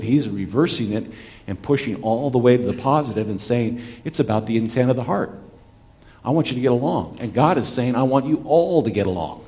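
A man's voice: medium pitch, a little mellow. A man giving a sermon as a pastor, talking conversationally with the congregation and asking rhetorical questions. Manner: talks back with listeners.

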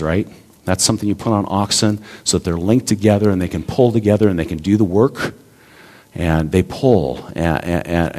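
A man's voice: low-pitched, a little mellow. A male pastor preaching a sermon in a conversational, folksy way, with asides and repeated words.

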